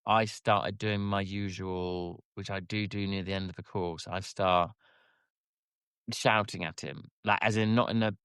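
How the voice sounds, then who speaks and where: A man's voice: deep voice, fairly even intonation, measured pace, fairly bright tone, smooth, dry recording, clean studio sound. A man, a rider guest on a podcast, telling his story animatedly, self-deprecating, with lots of restarts. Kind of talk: casual interview chat.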